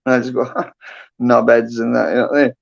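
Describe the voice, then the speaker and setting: A man's voice: mid-range voice, little pitch movement, fairly quick, gravelly. A middle-aged man, chatting casually on a livestream, rambling and swearing with lots of "and that" and "you know". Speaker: livestream host. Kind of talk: casual chat. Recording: dull lo-fi livestream audio.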